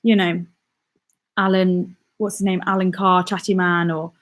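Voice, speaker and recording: A woman's voice: lowish voice, level tone, unhurried. A young woman from England chatting casually on a live stream as a vlogger, bubbly and reading viewer comments aloud.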